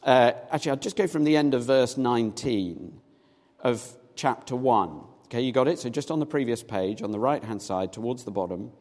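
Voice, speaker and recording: A man preaching a sermon, animated, acting out little scenes in different voices as he reads and explains. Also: medium pitch, brisk. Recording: long reverb of a large hall.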